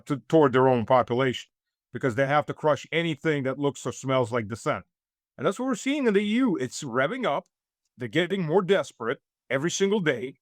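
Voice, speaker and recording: A man's voice: medium pitch, dry recording, clean studio sound. A man raised in the United States, a guest giving political commentary in an interview, talking in long rambling runs full of fillers and restarts, with a sarcastic edge.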